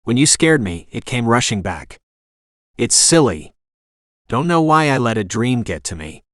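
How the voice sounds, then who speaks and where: A man voicing a hushed, shaken young woman. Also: medium pitch, sing-song, a little slow, no room sound, studio quality.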